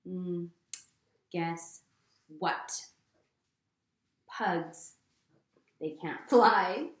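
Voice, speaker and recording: A woman reading a picture book aloud to children in a gentle manner, often pausing to ask them questions. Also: mid-range voice, fairly even intonation, echoey room. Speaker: storytime reader.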